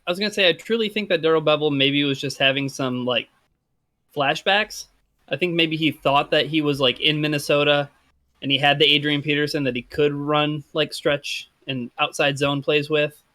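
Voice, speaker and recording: Bright-voiced man, deadpan podcast banter. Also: on the high side, normal speed. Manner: deadpan, lots of "like" fillers. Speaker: podcast co-host. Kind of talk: casual sports podcast chat.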